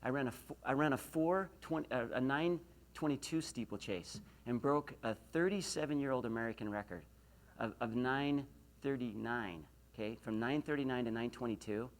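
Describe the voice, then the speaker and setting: A man in his forties giving a university lecture, telling a story with animated delivery and loud emphatic peaks. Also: mid-range voice, moderate pace. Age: 40s. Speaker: motivational speaker. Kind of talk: lecture to an audience.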